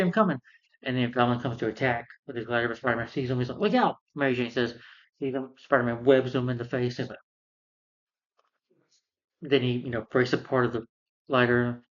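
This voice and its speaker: A man's voice: medium pitch, dull audio. A man giving a casual spoken film review. He retells the plot in a loose, rambling way and acts out the characters' lines as he goes.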